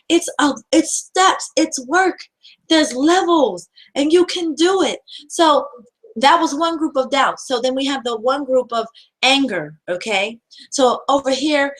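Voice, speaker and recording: A woman with a somewhat high voice delivers a self-help talk. She is earnest and repetitive, and keeps asking rhetorical questions as she drives her point home. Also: fairly bright tone, poor audio. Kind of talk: motivational talk.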